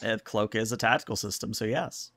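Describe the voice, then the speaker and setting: A man's voice: fairly low pitch, a little fast, bright, forceful tone, no echo. A man running a tabletop game as game master, narrating casually with many fillers.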